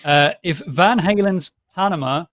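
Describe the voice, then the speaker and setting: A man hosting a casual livestream chat, reading donation messages aloud with quick laughs. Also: high voice, fairly bright tone, no room sound.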